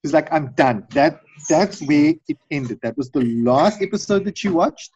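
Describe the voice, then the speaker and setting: A middle-aged man in casual chat, telling long rambling stories and acting out quotes in high voices. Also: expressive, normal speed, darkish tone, husky. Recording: dull dry recording.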